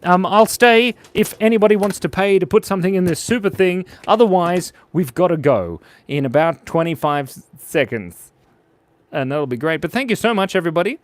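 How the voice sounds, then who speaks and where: A man's voice: high-pitched, lively intonation, normal speed. A man hosting a live drawing stream, chatting playfully and reading out viewer comments as he draws. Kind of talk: casual live-stream chat while drawing.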